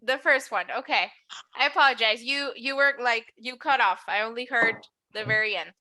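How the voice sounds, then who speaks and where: A woman's voice: a little high, moderate pace, pushed and bright, no room sound. A woman teaching an English class, explaining patiently and switching to Spanish to clarify. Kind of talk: online English lesson.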